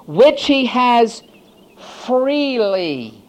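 A male pastor preaching a sermon, swinging from hushed asides to loud, emphatic declarations. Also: fairly high pitch, very animated, a little slow, pauses often.

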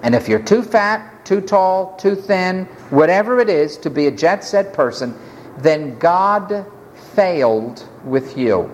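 A man preaching a sermon, impassioned, swinging between shouted lines and low murmurs. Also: sing-song, takes it slowly, slight background noise, rough recording.

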